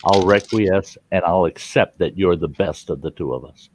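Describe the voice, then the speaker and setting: A man's voice: sits low, moderate pace, darkish tone, slightly rough, no room sound. Man doing a boastful stubborn trapper.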